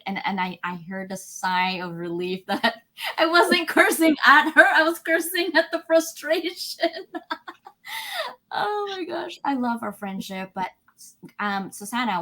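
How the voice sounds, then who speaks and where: A bubbly woman co-hosts a live show. She tells stories in an animated way and laughs often. Her voice sits at a middle pitch. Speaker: co-host. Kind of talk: casual live show chat.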